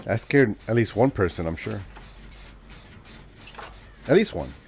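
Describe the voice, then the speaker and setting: With a lowish voice and a slightly slow delivery, a man in his forties talks to his viewers and cracks jokes as he streams gameplay. His energy swings from muttering to loud exclamations, with slight background noise present.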